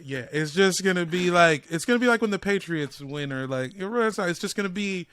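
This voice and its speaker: A comedian guest on a sports podcast, riffing and joking in playful rants. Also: male voice, sits high, animated, moderate pace, a bit bright. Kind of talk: casual sports podcast chat.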